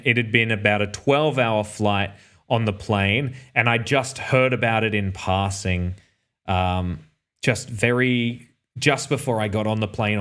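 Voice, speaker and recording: A man's voice: lowish voice, fairly bright tone, smooth. An Australian man telling a personal travel story in a casual, rambling way, often correcting himself and dropping dry asides. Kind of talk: casual anecdote.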